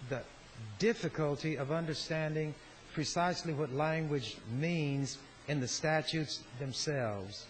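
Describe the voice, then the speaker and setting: A man addressing a legislature with a measured, biting, sardonic delivery, his voice sitting a little high for a man. He sounds like he is standing in a legislative chamber, with a faint hiss over the recording. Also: poor audio. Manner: deliberate, sardonic orator. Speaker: state senator. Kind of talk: legislative floor speech.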